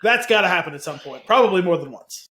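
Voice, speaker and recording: A man's voice: high voice, lively intonation, quick pace, pushed and bright. A man co-hosting a casual podcast, chipping in with dry, wry quips. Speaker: podcast co-host. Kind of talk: casual chat. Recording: roomy echoey home recording.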